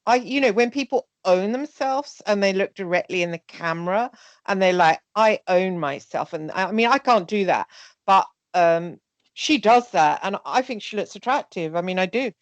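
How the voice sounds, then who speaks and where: A woman talking candidly in a casual conversation, animated and often acting out remarks in quoted voices. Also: mid-range voice, normal speed, no room sound.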